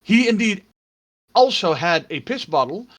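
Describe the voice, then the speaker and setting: A man's voice: high-pitched, unhurried. Man game-mastering a tabletop stream. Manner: relaxed storytelling with many fillers.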